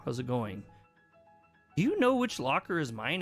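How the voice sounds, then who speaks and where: A man's voice: medium pitch, wildly swooping pitch, moderate pace, faint music behind. A man streaming a game live, reading its text aloud and casually commenting and laughing.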